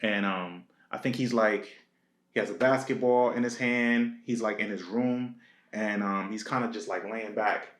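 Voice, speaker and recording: A young man co-hosting a casual talk show, talking in a relaxed, reflective way with many fillers. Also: on the low side, normal speed. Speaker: podcast co-host. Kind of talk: casual chat.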